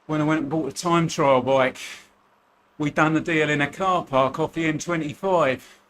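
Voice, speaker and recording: Racing while he records, an Essex-accented cycling vlogger from Essex, England, chats casually and jokes about himself. His fairly high voice moves at normal speed with fairly even intonation and a bit of brightness, and slight background noise is audible.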